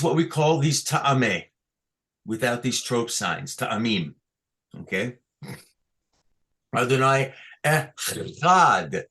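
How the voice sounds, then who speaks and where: On a video call recorded through a computer mic, a man with a fairly bright, higher-leaning voice gives an online lesson in chanting scripture. He's patient and methodical, often pausing to check that students are keeping up.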